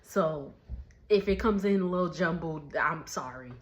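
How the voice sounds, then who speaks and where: A woman's voice: low voice, unhurried. A young woman casually recapping a TV episode from her kitchen, chatty and laughing often, with slangy speech. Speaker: recap vlogger. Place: home kitchen dining area.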